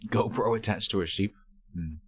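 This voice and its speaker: A man's voice: fairly low pitch, moderate pace, breathy edge. A man chatting casually on a live stream at home while packing to move. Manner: rambling, chatty while sorting cables.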